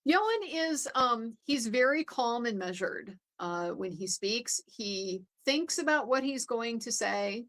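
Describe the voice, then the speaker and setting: A woman's voice: fairly high pitch, animated, slow, few pauses, fairly bright tone. Conversational woman recapping a trial. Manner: conversational, many fillers and restarts. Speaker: legal commentator. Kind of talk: casual recap commentary.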